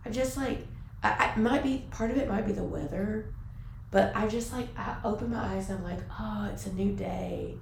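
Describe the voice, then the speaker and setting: A woman co-hosting a podcast in casual chat, talking in an animated way with many fillers. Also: mid-range voice, a little fast, vocal fry. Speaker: podcast co-host. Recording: roomy with faint background hiss.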